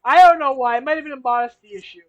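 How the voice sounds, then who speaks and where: A woman's voice: high-pitched, rapid-fire, muffled recording. A woman co-hosting a podcast, animatedly recapping a sitcom episode in casual chat and laughing between lines. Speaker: podcast co-host.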